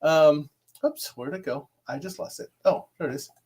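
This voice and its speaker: A woman's voice: deep voice, normal speed, darkish tone, husky. A woman hosting an interview show, asking questions and giving short, friendly reactions. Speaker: host. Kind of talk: casual interview chat.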